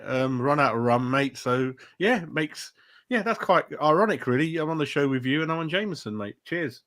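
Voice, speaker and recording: A man's voice: fairly high pitch, expressive, normal speed, fairly bright tone. A man who is a guest on a live show, chatting in a laid-back, jokey way and often saying "mate". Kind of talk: casual chat.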